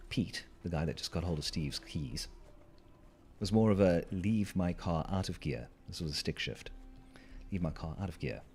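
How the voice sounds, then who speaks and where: A man's voice: a bass voice, a little mellow. A man telling a wry, rambling story to his stream, with asides to the listeners. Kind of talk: casual storytelling while gaming.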